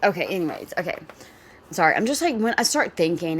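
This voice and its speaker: Chatty woman reacting, low-voiced. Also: big pitch swings, brisk, a little hiss or hum. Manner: chatty, exclamatory, laughs often. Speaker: reaction vlogger. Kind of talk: casual reaction commentary.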